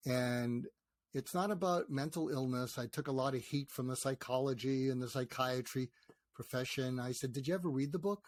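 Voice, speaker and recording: An older man with a voice of middling pitch, talking as an interview guest. He tells stories with energy and slips into the voices of the people he describes. The sound is dry and close to the mic. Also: normal speed, no echo. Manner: animated storyteller, acts out quoted dialogue. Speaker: guest psychiatrist and author. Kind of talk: conversational interview.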